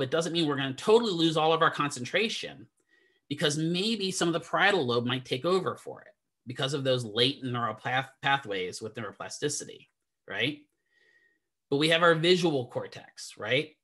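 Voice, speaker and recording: A man's voice: mid-range voice, sharp tone. A man teaching a classroom lecture in a chatty, digressive way, often asking the students questions. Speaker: physical therapy instructor.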